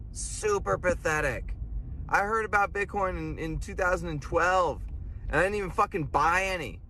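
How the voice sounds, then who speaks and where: A man delivering a profane, sarcastic comedic rant, swinging between loud outbursts and muttered asides. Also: sits high, moderate pace, slight background noise.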